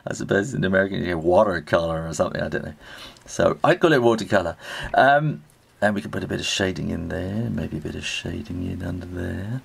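A man's voice: low-pitched, fairly quick, gravelly, few pauses, husky. A middle-aged British man giving a chatty spoken drawing tutorial, talking as he draws and often trailing off and restarting. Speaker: illustrator teaching drawing.

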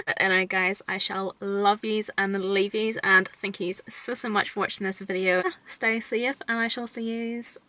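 A woman's voice: medium pitch, little pitch movement, moderate pace, few pauses, bright, forceful tone, no room sound, poor audio. A woman in her twenties with a Northern Irish accent, chatting casually to camera from a parked car and filling her talk with "like". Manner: chatty, rambling, fills talk with "like". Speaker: vlogger.

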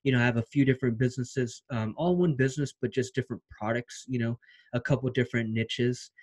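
A man's voice: medium pitch, quick pace, a little mellow, husky. Fired-up man giving a hustle pep talk. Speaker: online marketing vlogger. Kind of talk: energetic motivational vlog talk.

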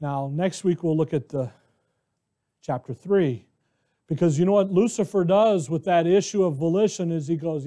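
An American man preaching a conversational, animated sermon who acts out the voices of biblical characters. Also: fairly high pitch, normal speed. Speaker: pastor.

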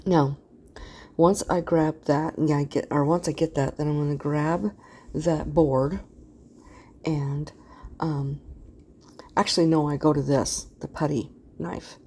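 A woman's voice: low voice, fairly even intonation, takes it slowly, pauses often, warm tone, breathy edge. A middle-aged woman casually talking through a craft project in a rambling way, often losing her words. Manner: rambling, loses words, yawns while talking. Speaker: craft channel host. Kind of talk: casual craft tutorial voice-over.

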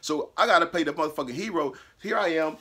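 A man with a husky, somewhat high voice tells a personal story in a casual, animated way. He cusses freely, laughs in the middle of sentences and acts out what others said along the way. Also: fast. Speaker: host telling a personal story.

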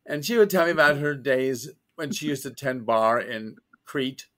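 A man being interviewed as an author, telling childhood stories in a chatty, animated way. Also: medium pitch, normal speed. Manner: animated storyteller, quotes others with laughs. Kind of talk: casual interview.

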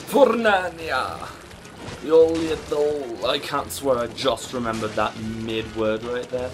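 A woman hosting a gaming channel, giving let's-play commentary and shouting fruit words in place of curses when exasperated. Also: very deep voice, takes it slowly. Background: background music.

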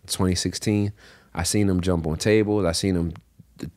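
A man with a very low voice tells his stories in lively, animated bursts and laughs often. The sound is dry and close. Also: normal speed, dry recording. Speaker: podcast guest, bassist. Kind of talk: casual chat.

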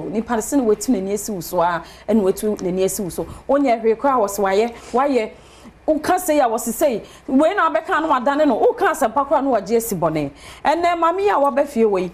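Lively sing-song woman talk show host. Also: on the high side. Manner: sing-song, repeats words in rhythmic runs. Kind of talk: lively TV chat show hosting with on-air promos.

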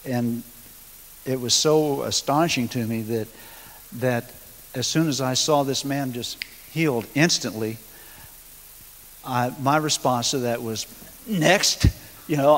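A middle-aged man, telling his testimony at a church seminar in a folksy, hesitant way, full of pauses and chuckles. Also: medium pitch. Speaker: guest minister sharing testimony. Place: school hall. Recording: long hall reverb, hiss.

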